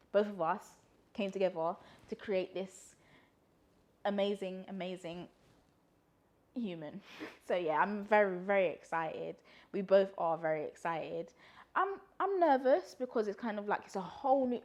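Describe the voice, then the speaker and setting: Chatty young woman, low voice. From London, UK. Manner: chatty, rambling, frequent laughs and fillers. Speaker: vlogger. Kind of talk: casual Q&A monologue.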